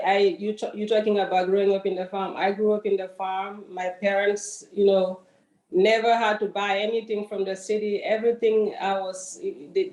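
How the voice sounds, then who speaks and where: A woman's voice: medium pitch, darkish tone, reverberant, poor audio. A woman from Gambia speaks gratefully and a little hesitantly, often restarting her sentences as she shares her story. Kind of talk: personal story in a group session.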